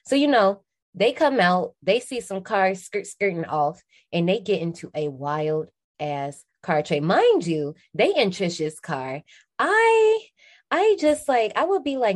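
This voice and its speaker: A woman's voice: fairly low pitch, a little mellow. A woman in her twenties, a podcast co-host, recapping a film in casual, slangy chat and laughing often.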